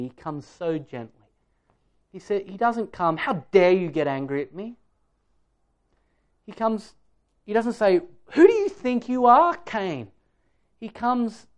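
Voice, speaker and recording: A man's voice: high voice, darkish tone. A man preaching a sermon in an earnest, emphatic way, putting direct questions to his listeners.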